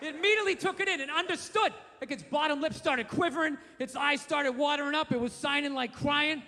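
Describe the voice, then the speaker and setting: A man's voice: very high-pitched, fairly quick, sharp tone. A male stand-up comedian on a club stage, ranting and swearing in exasperation. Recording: live hall reverb, faint noise.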